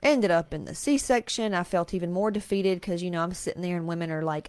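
A woman's voice: on the low side, brisk, few pauses, a little mellow, no room sound. A woman, hosting a podcast and telling a raw, emotional personal story with plenty of swearing. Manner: emotional, confessional, frequent swearing. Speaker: podcast host.

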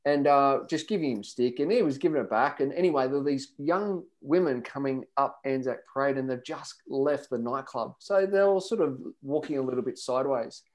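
Animated man telling running stories. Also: mid-range voice, brisk, few pauses. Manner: animated storyteller, acts out voices. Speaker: podcast guest runner. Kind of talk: casual storytelling chat.

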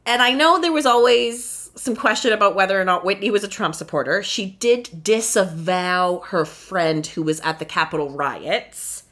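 A woman hosting a podcast, recapping casually and animatedly, swinging from mumbled asides to loud exclamations. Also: mid-range voice. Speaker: podcast host.

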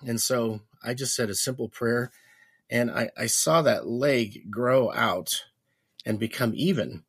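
A man with a husky, slightly breathy voice at a mid pitch. He is a minister and podcast guest, telling stories casually and acting out the lines of the people in them. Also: a little slow. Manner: animated storyteller, acts out quoted dialogue with restarts. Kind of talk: casual storytelling.

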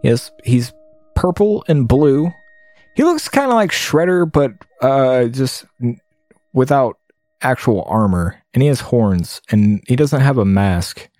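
Slow, rambling man commenting on a game. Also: mid-range voice, big pitch swings, darkish tone, no echo. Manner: rambling, halting, wry commentary. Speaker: game streamer.

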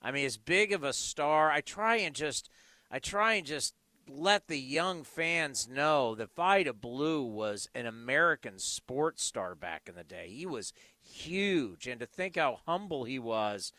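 A man hosting a sports radio show, emphatic and animated, who drops low and soft when he turns sincere. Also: unhurried, no room sound. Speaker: radio host.

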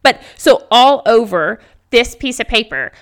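A woman hosting a podcast, telling stories in a loud, animated way and laughing often into a podcast microphone. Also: a little high, a little slow. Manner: speaks loudly; animated storytelling with frequent laughter. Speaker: podcast host. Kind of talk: casual motivational podcast monologue.

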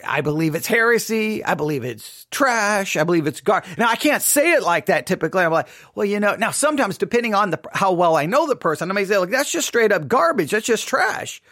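Texas-raised male Christian commentator, high-pitched, dead-dry mic sound, candid and lively, acts out quotes. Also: normal speed, no room sound. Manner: candid, animated storytelling with acted-out quotes. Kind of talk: casual spoken monologue. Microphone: studio microphone.

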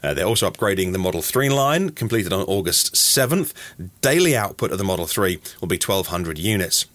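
A man's voice: low-pitched, big pitch swings, brisk, a bit bright, no echo. A man hosting a daily news podcast, reading stories with chatty, ad-libbed asides. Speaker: podcast host.

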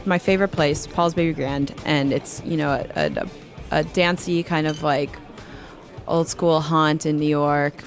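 A woman telling a personal story as an interview guest, animated and chatty with many fillers, on a close podcast mic. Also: deep voice, unhurried, faint music behind. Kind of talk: casual storytelling.

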